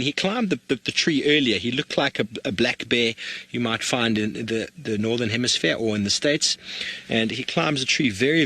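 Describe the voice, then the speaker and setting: A man giving live wildlife commentary as a safari guide outdoors, excited and often restarting his phrases. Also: mid-range voice, husky, no echo.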